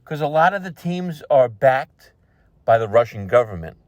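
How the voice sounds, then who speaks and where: A man's voice: medium pitch, lively intonation, moderate pace, a little mellow, no room sound, muffled recording. A man hosting an opinion show, ranting bluntly and sarcastically about a news story. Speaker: show host. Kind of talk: opinion commentary.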